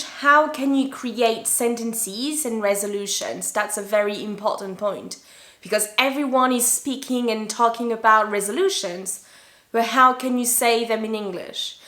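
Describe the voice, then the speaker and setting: A native French speaker from France teaches English to learners, repeating important words slowly and deliberately. Her voice is a little high and fairly bright, heard in an echoey room.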